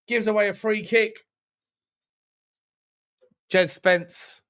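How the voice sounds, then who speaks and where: A man streaming a football watchalong, giving running commentary on the game with jokes and shout-outs to viewers. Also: a little high, moderate pace. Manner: jokey, excitable, chats with viewers between plays. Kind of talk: live match commentary and chat.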